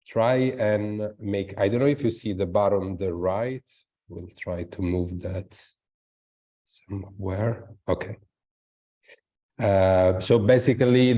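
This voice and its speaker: A man's voice: on the low side, dark tone. A man presenting his project in a webinar over a video call, hesitant with many fillers.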